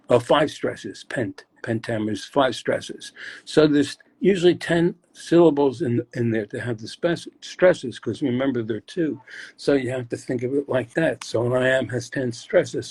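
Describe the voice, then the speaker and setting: An older man with a husky, slightly breathy voice talks about poetry and its rhythms as a guest. He rambles and stops to search aloud mid-thought, at an ordinary pitch for a man. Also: a little mellow. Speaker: guest poet. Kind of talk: casual chat explaining poetry.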